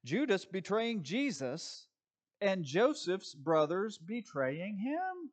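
A man preaching a sermon in a fairly high voice. He talks to the congregation like a conversation, then punches key points loudly before dropping back to soft, quick asides. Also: big pitch swings. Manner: conversational preaching with swings between loud emphasis and quiet asides. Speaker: pastor.

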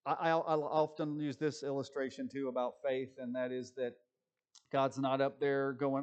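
A man preaching a sermon, moving between quick conversational asides and slow, deliberate scripture reading. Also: mid-range voice, flat delivery, smooth. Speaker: pastor.

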